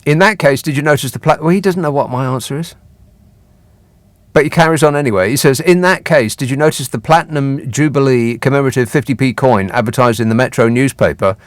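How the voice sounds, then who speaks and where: A man's voice: medium pitch, quick pace, no room sound. A man hosting a radio phone-in show, talking in a dry, sarcastic, teasing way. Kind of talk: late-night radio phone-in chat. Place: radio studio. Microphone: studio microphone.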